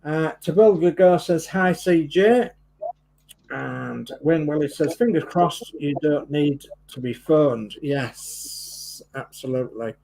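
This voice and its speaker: A man's voice: a little high, slow, gravelly, darkish tone, rough recording. A man co-hosting a live stream, reading out viewers' greetings in a friendly way. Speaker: livestream co-host.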